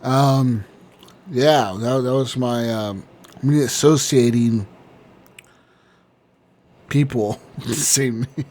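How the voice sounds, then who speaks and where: A man's voice: mid-range voice, slow pace, pauses often, darkish tone. A man hosting a gaming podcast in casual chat, rambling and swearing often, laughing as he talks. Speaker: podcast host.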